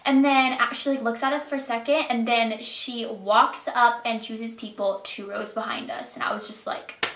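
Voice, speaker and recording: A teenage girl chats through a storytime vlog, excitable and full of fillers. Her voice sits a little high with a gravelly fry at the ends of phrases. The room around her is echoey. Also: moderate pace. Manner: excitable, chatty, lots of fillers. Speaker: vlogger.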